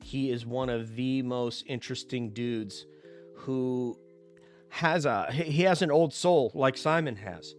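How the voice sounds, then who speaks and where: A man's voice: mid-range voice, unhurried, faint music behind. A man hosting a casual motorcycle chat show, talking with enthusiasm and rambling a little as he sets up questions. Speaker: podcast host.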